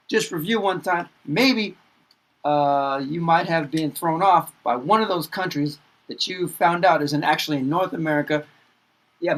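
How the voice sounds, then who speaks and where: Playful guy teacher repeating words, high lively voice, slow and chuckly. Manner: upbeat and playful, repeats each word slowly, chuckles often. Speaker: English teacher. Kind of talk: pronunciation lesson with repetition.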